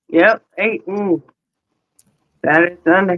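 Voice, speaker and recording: A man's voice: high voice, moderate pace, no echo, highs cut off. A man in a casual group chat who talks in a teasing, playful way.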